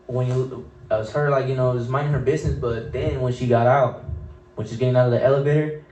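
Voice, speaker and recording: A young man hosts a casual podcast and rambles through his stories in loose slang, restarting his sentences. His voice is dark and mellow. He sits back from the mic in a roomy, echoing space. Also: mid-range voice, recorded from a distance. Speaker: podcast host.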